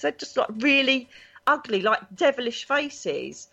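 A woman, a psychic guest telling stories in a chatty, animated way. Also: high-pitched, a little slow, vocal fry. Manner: animated, chatty, acts out voices in her anecdotes. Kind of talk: casual storytelling interview. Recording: dull lo-fi recording.

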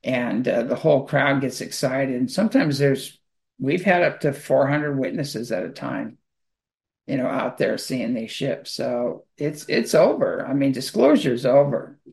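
A man's voice: mid-range voice, animated, measured pace, vocal fry, a little mellow. A man on a talk radio show, rambling loosely with many fillers and restarts as he talks about spirituality. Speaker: radio show guest speaking on spirituality and UFOs. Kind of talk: casual monologue.

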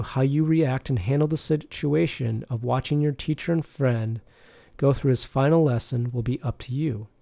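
A man voicing a serene, patient male spiritual teacher who speaks slowly and tenderly, like preaching. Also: mid-range voice, gravelly, mellow, no echo, natural voice.

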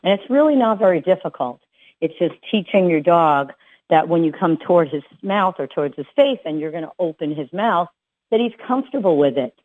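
A woman's voice: lowish voice, animated, a little fast. A woman dog trainer giving casual advice, chatty and full of fillers and restarts. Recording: tinny phone-like sound.

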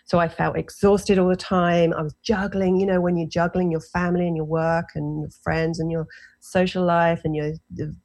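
A woman in her forties with an English accent, telling her own story as a guest in a casual interview, animated and self-deprecating. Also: lowish voice, normal speed. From England. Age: 40s. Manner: animated, self-deprecating, lots of fillers and restarts.

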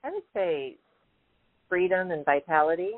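A woman's voice: fairly low pitch, animated, normal speed. A woman calling in to a show, talking hesitantly with fillers. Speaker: caller. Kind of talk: phone call-in. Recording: tinny phone line.

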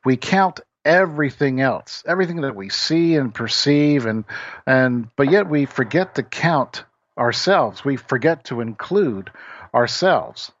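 A man hosting a talk show, telling a parable in a relaxed, conversational way with everyday fillers, then reflecting on its meaning. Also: mid-range voice, a little slow, dry recording. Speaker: podcast host. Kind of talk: storytelling and reflection. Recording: dull, dry lo-fi recording.

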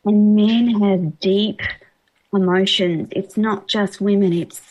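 A woman's voice: medium pitch, fairly even intonation, slow pace, darkish tone, low-quality recording. A woman hosting a radio interview, talking in an encouraging, emphatic way. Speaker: radio host.

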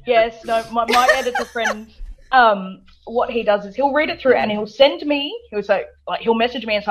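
A woman's voice: fairly high pitch, moderate pace, rough recording. An Australian woman from South Australia, a guest author chatting in a radio interview, full of fillers, restarts and laughter.

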